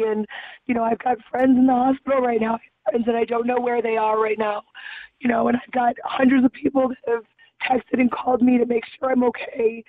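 A shaken woman caller, her voice going hoarse, telling her account in halting phrases with many restarts from a car on her way home. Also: a little high, level tone. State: losing voice. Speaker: caller, festival bartender. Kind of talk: emotional phone-in account. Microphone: phone. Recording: tinny phone line.

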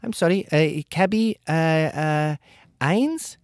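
A woman's voice: low-pitched, darkish tone, dry recording, clean studio sound, pitched above the performer's own voice. A man putting on a female bill collector with a Puerto Rican accent, who keeps apologizing and hesitating. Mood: apologetic. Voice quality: halting, full of hesitations and apologies.

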